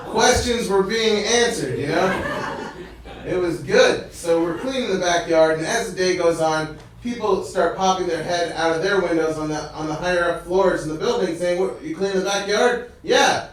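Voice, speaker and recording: Animated male comedian in an echoey hall. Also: high voice, a little hiss or hum. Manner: animated, acts out other people's voices. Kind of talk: stand-up storytelling. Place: stage in a hall. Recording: echoey hall, distant mic.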